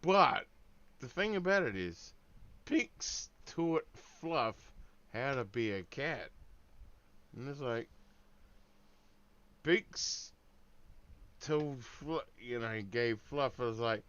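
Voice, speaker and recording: A man's voice: mid-range voice, expressive, extremely slow, long pauses, fairly bright tone, clear, resonant tone, lo-fi sound. A man streaming a game, telling a meandering story in laid-back, swearing casual chat full of fillers. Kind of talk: rambling casual chat while gaming.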